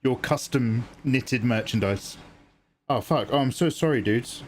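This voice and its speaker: A British man hosting a relaxed live stream, talking to his chat in a loose, rambling way. His pitch sits right in the middle of the usual range for a man, and he swears casually as he goes. There is a faint hiss of noise behind him. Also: measured pace. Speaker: art streamer.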